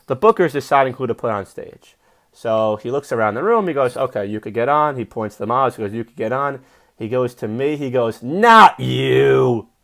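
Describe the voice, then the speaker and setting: A young adult man, a comedian, telling a rambling, profane story in a casual monologue and getting loud and fired up when he preaches. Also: mid-range voice, expressive, fairly quick. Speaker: comedian and podcast host.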